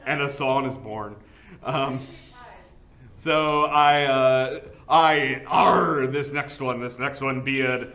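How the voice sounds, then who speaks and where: A man at a comedy show putting on a gruff old pirate voice to introduce and sing a shanty. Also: medium pitch, slow, bright, forceful tone. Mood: piratey. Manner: gruff pirate talk, then sung shanty. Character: growling old pirate songwriter.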